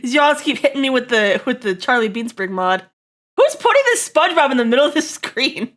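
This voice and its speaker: High, animated, giggly woman streamer. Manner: excitable, giggly, talks straight to chat. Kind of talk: live stream chat with viewers.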